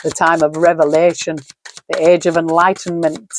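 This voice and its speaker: A woman's voice: deep voice, little pitch movement, moderate pace, a little hiss or hum. Woman murmuring through a tarot reading. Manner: musing aloud, murmuring card words, frequent sighs. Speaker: tarot reader. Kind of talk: solo tarot reading monologue.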